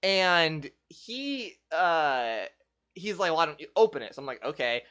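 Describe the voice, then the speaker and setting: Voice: medium pitch, big pitch swings, a little slow, a bit bright. A young adult game streamer chatting casually with viewers on a livestream, telling a rambling story full of "like" fillers.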